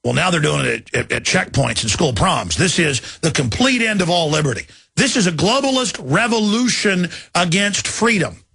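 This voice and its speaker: A male radio host delivering fervent, ranting political commentary that builds to shouted outrage. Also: on the high side, very animated, moderate pace, gravelly, hardly any pauses, breathy edge, no room sound, clean studio sound.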